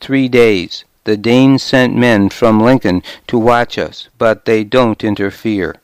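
An earnest, trusting warrior lord, voiced by a man narrating a story, explains things plainly and sincerely. The delivery is slow and measured, in a smooth, clear voice with a dry, close sound. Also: on the low side, no echo.

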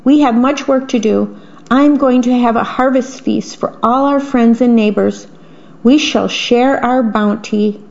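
Strega Nona, a kindly bustling old witch, as a woman reading aloud puts her on, pitched a little high with a gravelly edge, heard through a dull, lo-fi recording. She gathers her helpers to share her bounty. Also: measured pace, darkish tone. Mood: eager.

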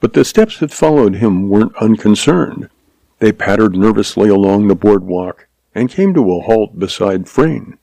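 A man reads a western story aloud in a low, dark, mellow voice. His delivery is measured and dramatic, and the recording is dry and close, with no room sound. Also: lively intonation, vocal fry, no room sound, poor audio. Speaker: narrator. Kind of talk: scripted narration of a western story.

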